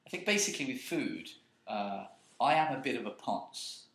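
A man's voice: mid-range voice, sing-song, normal speed, fairly bright tone, reverberant. A man co-hosting a podcast, teasing his friend with silly hypothetical questions in casual chat. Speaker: podcast co-host.

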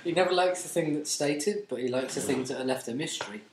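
A man chatting casually on a podcast, musing in a dry, offbeat way and often trailing off quietly. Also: fairly high pitch, fast talker, background noise. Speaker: podcast co-host. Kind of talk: casual chat. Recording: roomy echoey sound.

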